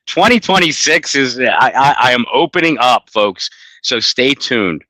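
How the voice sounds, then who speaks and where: A man's voice: mid-range voice, lively intonation, a little slow, sharp tone, no room sound. A man co-hosting a sports podcast in casual chat, rambling with many restarts and blunt swearing. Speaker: podcast co-host.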